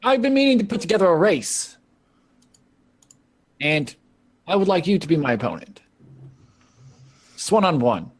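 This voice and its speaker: A man's voice: sits high, very animated, moderate pace, pauses often, voice pushed up. A man putting on a sly woman racer. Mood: challenging. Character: smooth-talking woman racer, coy and probing.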